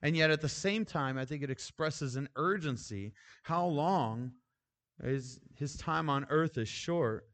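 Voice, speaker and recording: A man's voice: a little high, measured pace, a bit bright. A man delivering a sermon in an easy, conversational manner. He talks informally, with casual asides and restarts, as if chatting with the congregation. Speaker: pastor.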